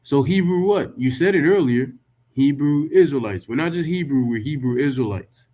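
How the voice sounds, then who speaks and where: A man's voice: mid-range voice, expressive, normal speed, dark tone, a little hiss or hum. A man rebutting a text he reads aloud, talking emphatically, swearing freely and firing off rhetorical questions. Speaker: religious commentator. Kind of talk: reacting to and rebutting a written text.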